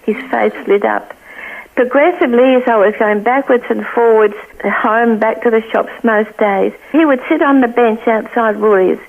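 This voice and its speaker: An older woman from Australia telling a personal story as a guest, earnestly acting out the voices she quotes, heard over a phone line. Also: a little high. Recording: tinny gravelly phone line.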